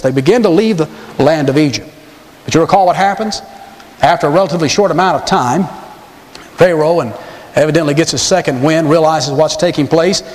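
A man preaching a sermon as pastor, telling a scripture story with animated, dramatic emphasis. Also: high voice. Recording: long reverb of a large hall.

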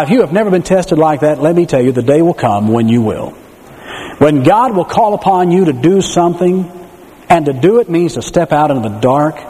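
Male preacher, animated sermon delivery, mellow voice, reverberant hall sound. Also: on the high side. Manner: animated storytelling with rhetorical questions.

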